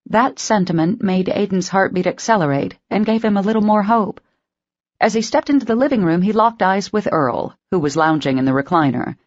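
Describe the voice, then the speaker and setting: A woman narrating an audiobook in an even storytelling manner. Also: medium pitch, fairly quick, dry recording, highs cut off.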